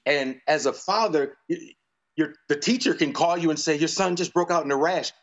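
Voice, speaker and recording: A man's voice: on the high side, moderate pace, a bit bright, highs cut off. A middle-aged man, a guest on a talk show, chatting in a playful, joking way. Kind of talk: casual interview chat. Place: TV studio with live audience.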